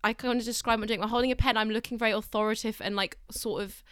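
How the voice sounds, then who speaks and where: A woman's voice: on the high side, steady tone, very fast, a bit bright, clean tone, no room sound, clean studio sound. A woman co-hosting a casual chat, giggly and teasing as she talks. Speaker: podcast co-host.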